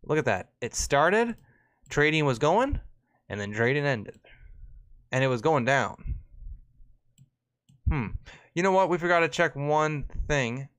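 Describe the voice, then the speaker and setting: A man's voice: on the high side, a little slow, pauses often, clean tone, no room sound. Laughing man hosting a livestream. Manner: laughing, animated, swears casually. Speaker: livestream host. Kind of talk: casual chat.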